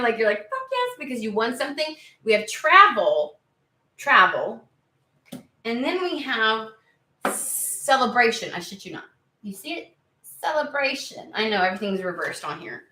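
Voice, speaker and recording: A woman giving a casual tarot reading to her viewers, chatty and excitable, swearing freely and talking through plenty of fillers. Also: on the high side, normal speed, roomy sound, low-quality recording. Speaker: tarot reader.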